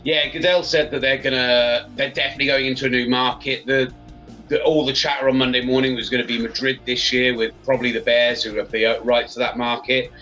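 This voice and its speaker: Bright-voiced man, chatty storyteller. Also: medium pitch, flat delivery, fairly quick, faint music behind. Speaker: sports radio presenter, guest. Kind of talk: casual podcast chat. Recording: slightly dull, lo-fi sound.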